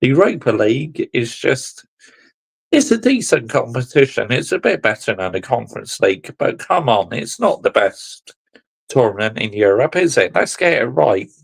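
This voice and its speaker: A man's voice: mid-range voice, big pitch swings, normal speed, vocal fry, slightly rough. A man ranting as a football fan vlogger, exasperated and sarcastic, swearing and repeatedly addressing his viewers.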